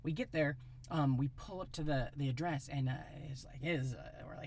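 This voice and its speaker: A man in his thirties from Iowa, telling a rambling, animated story in a casual chat. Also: on the high side, brisk. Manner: animated, rambling, acts out voices in quotes.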